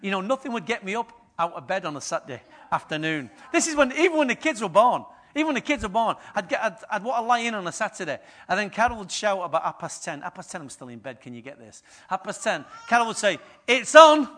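High, bright-voiced preacher. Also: male voice, fast talker, few pauses. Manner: lively storytelling, acts out quotes and swings from hushed to loud. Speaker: pastor. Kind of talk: sermon.

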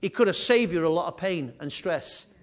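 Guy preaching, high voice, punchy repeats, chatty asides. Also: normal speed. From England. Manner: animated preaching with repetition and asides. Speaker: pastor. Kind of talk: sermon.

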